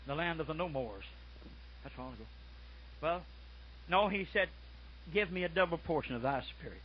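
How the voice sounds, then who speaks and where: An older man preaching a folksy sermon, dropping to soft murmurs and then shouting out his stories. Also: on the high side, lively intonation, a little fast, pauses often, a little hiss or hum. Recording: muffled lo-fi recording.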